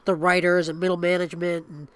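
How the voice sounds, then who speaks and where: A man's voice: high voice, flat delivery, fast, fairly bright tone, clear, resonant tone. A man in his thirties co-hosting a podcast in casual chat, acting out quotes in raised voices. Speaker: podcast co-host.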